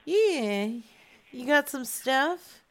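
A woman's voice: high-pitched, sing-song, extremely slow. A woman streamer in casual chat, crude, profane and giggly.

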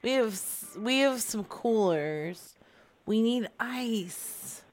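A woman co-hosting a radio show, making a prank call and joking in a drawling, sassy, deadpan way. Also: fairly high pitch, slow, crowd noise. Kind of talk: prank call and casual studio banter.

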